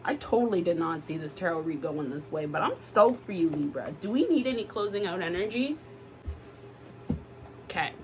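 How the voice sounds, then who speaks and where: A woman doing a casual tarot reading to camera, animated and exclamatory, swearing freely. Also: medium pitch, noisy background. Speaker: tarot reader.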